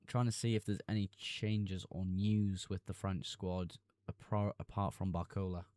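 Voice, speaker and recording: A man's voice: low-pitched, level tone, moderate pace, darkish tone, no echo. A young man streaming live, reading chat messages aloud and answering them casually.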